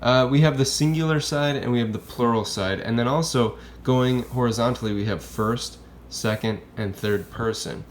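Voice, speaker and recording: A man with a mid-range voice explains grammar like a relaxed classroom teacher. He talks in a loose, conversational way and keeps checking in with "okay?" and "right?". A faint hiss of noise sits under the recording. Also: mid-range voice, moderate pace, hardly any pauses. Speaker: Spanish teacher.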